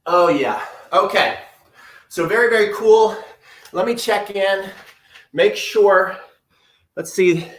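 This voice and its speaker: Upbeat male tennis coach, high voice, live home workout, distant mic in an echoey room. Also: slow pace, long pauses. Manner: upbeat, coaching while exercising. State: breathing heavily at times.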